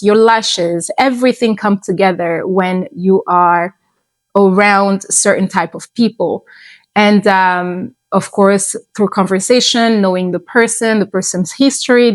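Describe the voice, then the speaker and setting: A woman in her thirties talking to camera about lifestyle, relaxed and chatty, often restarting her sentences. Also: mid-range voice, no room sound. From abroad, moved to the US at fifteen. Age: 30s. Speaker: lifestyle vlogger. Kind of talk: casual advice talk to camera.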